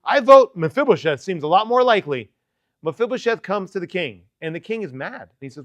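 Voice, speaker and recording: A man preaching to teens in a loose, joking, conversational way, with a fairly high voice. The sound is close and dry, with no room echo. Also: very animated, a little fast, a bit bright. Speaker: youth preacher. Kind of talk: sermon.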